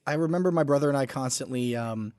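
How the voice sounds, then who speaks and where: A man's voice: medium pitch, quick pace, darkish tone, no room sound. A man telling a goofy childhood story in casual chat.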